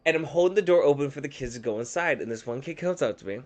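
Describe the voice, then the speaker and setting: Campy, animated young man telling stories. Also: medium pitch, fast talker, faint music behind. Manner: animated, campy, profane storyteller. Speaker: streamer. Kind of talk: casual storytelling while gaming.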